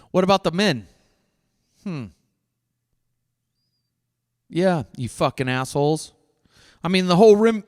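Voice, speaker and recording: A middle-aged man hosting his own podcast, delivering a blunt, profane solo rant. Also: sits high. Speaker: podcast host. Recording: dry voice with long reverb tail.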